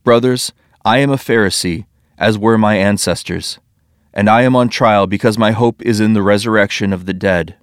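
A bold, earnest apostle standing up for himself in a spoken scripture story, voiced by a man in his own reading voice. The voice sits low and steady. The sound is dry, with no room around it. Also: normal speed, no echo, close to an everyday voice.

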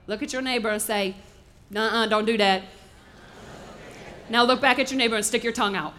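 Bright high-voiced woman preaching. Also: fairly quick. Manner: animated preaching, acts out voices in asides. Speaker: pastor. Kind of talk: sermon.

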